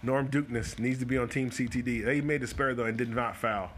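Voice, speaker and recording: On a live stream with faint background noise, a man hosting a bowling coaching show jokes around and breaks down shots, speaking quickly in bursts. He has a mid-range voice with a steady tone.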